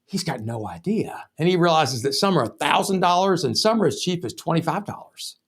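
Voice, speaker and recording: A man's voice: on the high side, lively intonation, a little fast, slightly rough. A man hosting a sales podcast, telling a story as a lesson in a casual, profane, anecdotal way. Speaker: sales trainer and podcast host.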